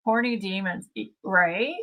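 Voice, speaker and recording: A woman's voice: mid-range voice, a little slow, bright, forceful tone, rough recording. A woman hosting a casual livestream, chatting and reading viewer comments aloud. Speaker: livestream host.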